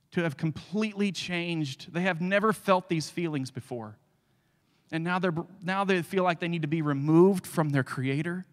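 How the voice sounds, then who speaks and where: A male guest speaker preaching a sermon, telling the story with animated energy and dropping to hushed tones for scripture. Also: fairly high pitch, long reverb tail.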